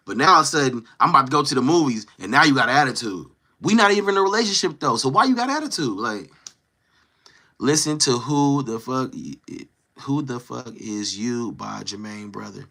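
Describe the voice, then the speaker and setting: A man hosting a casual livestream, talking to his chat in a slangy, animated way and acting out quoted lines. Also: medium pitch, fairly quick. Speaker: livestream host. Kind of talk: casual livestream chat, reading viewer comments.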